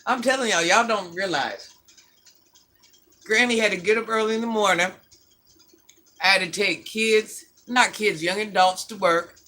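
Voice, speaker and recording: A woman's voice: mid-range voice, a little slow, long pauses, pushed and bright. An older woman hosting a casual livestream, bluntly scolding and answering viewer comments. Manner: sassy, scolding, blunt talk-back. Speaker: livestream host.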